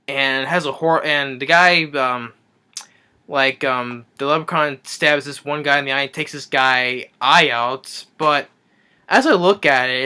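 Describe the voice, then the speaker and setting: A man's voice: medium pitch, sharp tone, clean tone. A man giving a rambling, sarcastic movie review rant, recapping the plot with frequent restarts.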